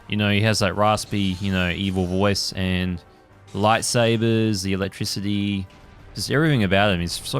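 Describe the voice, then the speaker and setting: A man hosting a gaming channel, giving casual let's play commentary, rambling with many fillers and the odd swear. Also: on the low side.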